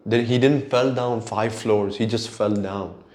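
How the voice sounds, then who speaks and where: A man's voice: fairly low pitch, fairly even intonation, unhurried, a little mellow. A man hosting his own solo show, ranting in an exasperated, profane way. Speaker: podcast host. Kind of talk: solo rant.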